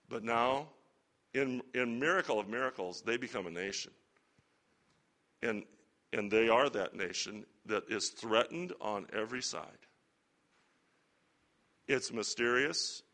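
A man teaching a Bible lesson to a church group in a relaxed, conversational sermon style with chatty asides. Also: medium pitch, measured pace, pauses often. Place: church or lecture hall with slides.

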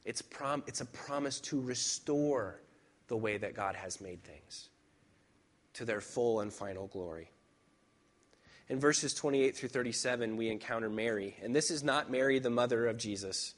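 Conversational male pastor preaching. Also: mid-range voice. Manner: conversational and personal, with reflective pauses; emphatic repetition. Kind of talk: sermon.

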